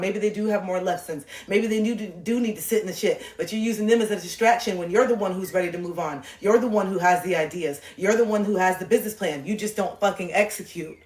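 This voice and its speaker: Her voice is fairly low, brisk and darkish in tone as she livestreams an impassioned motivational talk on spiritual living. She's intense and preachy, swearing freely and repeating lines for emphasis, with an echoey room and faint music in the background.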